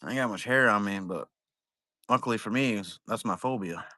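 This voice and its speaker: A man's voice: on the low side, a little fast, sharp tone, no room sound, clean studio sound. A man hosting a trading card break livestream, chatting casually in a rambling, profane, laid-back way.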